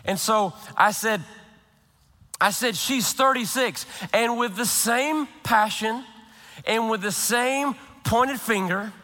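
A man, a pastor, preaching a sermon, praying and telling a humorous story in an animated way with quick restarts. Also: very high-pitched, long reverb tail.

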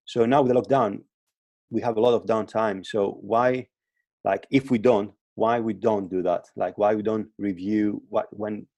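Low, mellow man on a remote call. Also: fairly even intonation, normal speed, no echo. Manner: hesitant, many restarts and repeated words. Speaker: guest fitness coach. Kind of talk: casual podcast interview. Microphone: remote call, line breaking up.

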